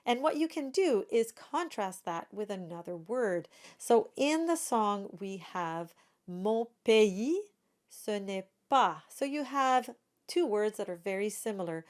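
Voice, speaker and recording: A woman singing teacher giving a pronunciation lesson, demonstrating each vowel sound slowly and carefully. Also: medium pitch, animated.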